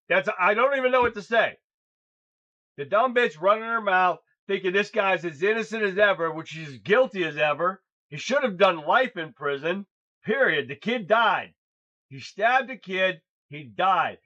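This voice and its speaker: Blunt, crude man with a high voice. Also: bright, forceful tone. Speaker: host. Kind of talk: political livestream commentary. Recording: dull lo-fi sound.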